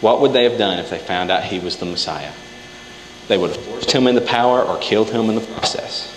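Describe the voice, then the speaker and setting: A man's voice: lowish voice, fairly quick, background noise. A man preaching a sermon in a church hall. He talks casually and acts out the scripture quotes himself. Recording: echoey hall, faint ambience.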